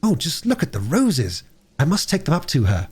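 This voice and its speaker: Man doing a young girl, high and eager, lively lilt, storybook. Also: normal speed, husky, heavily acted. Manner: bright, eager girlish talk.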